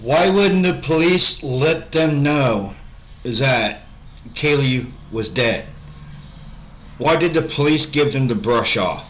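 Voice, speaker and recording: A man's voice: medium pitch, expressive, slow pace, a bit bright, slight background noise, poor audio. A man commenting on a case, incredulous and blunt, with swearing. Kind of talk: reaction commentary.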